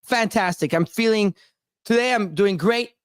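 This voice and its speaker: A man's voice: high voice, normal speed, smooth, no echo, studio quality. A Canadian man hosting a casual crypto show over a video call, loose and joking, swearing freely. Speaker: podcast host.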